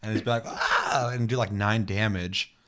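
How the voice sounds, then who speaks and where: A man's voice: lowish voice, steady tone, a little fast. A man co-hosting a gaming podcast, telling rambling, profane stories and acting out silly voices as he goes. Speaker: podcast co-host. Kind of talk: casual gaming chat.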